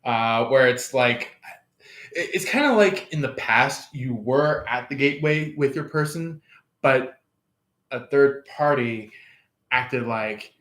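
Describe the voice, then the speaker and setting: A man's voice: mid-range voice, expressive, slow pace, a bit bright. A man giving a casual tarot reading, rambling, chuckling and acting out quoted lines. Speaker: tarot reader. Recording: echoey room.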